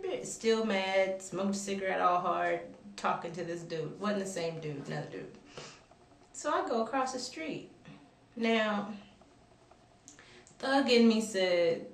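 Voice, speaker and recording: A woman vlogger telling a story to camera in an animated, profane way with laughing asides. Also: mid-range voice, unhurried. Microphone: camera mic. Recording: roomy, from camera distance.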